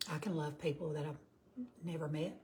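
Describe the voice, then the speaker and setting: Her voice sits low and mellow, with fairly even intonation and a slightly fast pace, over a little hiss or hum. She's a chatty Southern woman in her fifties from Georgia, hosting a cooking livestream where she greets viewers by name and reads out what they comment.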